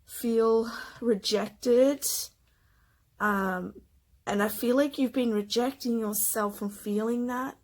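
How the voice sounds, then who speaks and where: A woman giving a gentle, emotional spiritual card reading, with soft whispered asides. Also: a little high, fairly even intonation, slow pace, low-quality recording. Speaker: tarot card reader.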